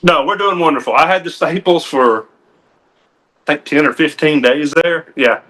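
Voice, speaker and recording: Bright-voiced man telling his story. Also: fairly high pitch, moderate pace. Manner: folksy and earnest, with frequent restarts and "uh". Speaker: game warden. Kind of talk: personal story in a TV interview.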